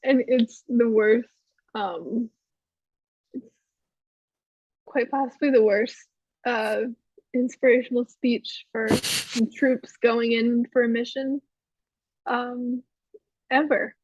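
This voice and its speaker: A woman's voice: a little high, fairly even intonation, slow pace, pauses often, a little mellow, slightly rough, no echo, muffled recording. A woman co-hosting a podcast, recapping a TV episode in a rambling, chatty way full of fillers. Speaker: podcast co-host. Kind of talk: casual chat recapping a TV episode.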